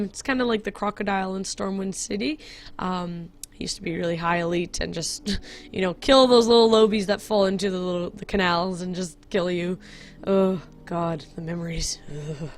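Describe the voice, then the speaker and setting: Chatty woman giving game commentary. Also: medium pitch. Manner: chatty, giggly, often correcting herself. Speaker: game video host. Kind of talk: casual gameplay commentary.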